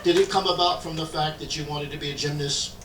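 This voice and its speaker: A man's voice: on the high side, steady tone, fast talker, fairly bright tone, slight background noise. A man interviewing on stage, asking friendly questions and paying compliments. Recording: echoey room, far off, crowd.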